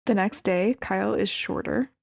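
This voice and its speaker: Gravelly woman giving wry movie recaps. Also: mid-range voice, normal speed, darkish tone. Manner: amused, wry commentary on plot. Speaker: podcast co-host. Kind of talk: casual movie recap chat.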